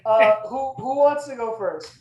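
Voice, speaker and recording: Somewhat high woman in a roomy room. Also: expressive, measured pace, darkish tone. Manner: eager, repeats herself, many fillers like "like". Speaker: podcast co-host and player. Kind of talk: casual podcast chat. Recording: roomy echo.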